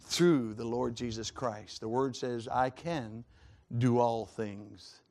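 A man preaching a sermon in a folksy, joking way, his chest congested and given to coughs, swinging from loud to hushed. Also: medium pitch, fairly even intonation, slow pace.

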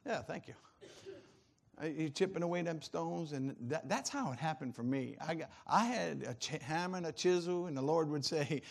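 Male pastor, high voice, lively preaching delivery with frequent laughs. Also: moderate pace, creaky. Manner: animated preaching, laughs often, swings loud and soft. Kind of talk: sermon.

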